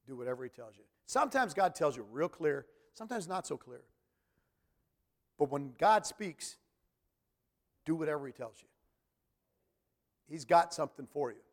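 A man preaching a sermon, telling a story with animated acted-out quotes and questions to the congregation. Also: a little high, normal speed, long pauses. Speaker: pastor.

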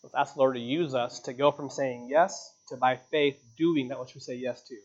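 A man preaching a sermon in a church, earnest, with sudden rises in pitch and volume on key points. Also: fairly even intonation, normal speed, hardly any pauses, dull audio. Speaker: pastor.

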